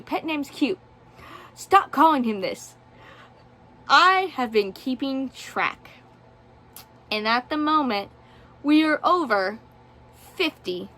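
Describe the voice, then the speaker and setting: A woman's voice: on the high side, a bit bright. A woman giving a casual book review, sarcastic and exasperated.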